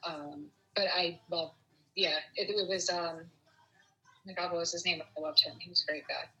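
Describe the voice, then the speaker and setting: A woman's voice: lowish voice, fairly even intonation, moderate pace, bright, forceful tone, low-quality recording. A woman co-hosting a casual podcast chat, answering her friend with short, dry quips. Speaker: podcast co-host.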